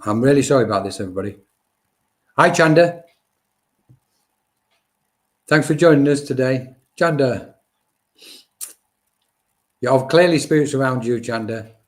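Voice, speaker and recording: A man's voice: mid-range voice, lively intonation, a little slow, pauses often. A man working as a medium, giving chatty, reassuring live-stream readings and talking to viewers by name.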